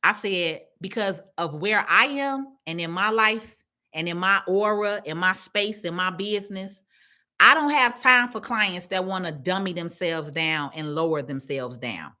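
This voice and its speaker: A woman's voice: fairly low pitch, unhurried, sharp tone. A woman with a Chicago accent giving a casual, preachy pep talk on a live stream to her followers, repeating her points for emphasis. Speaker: small business owner speaking live to followers.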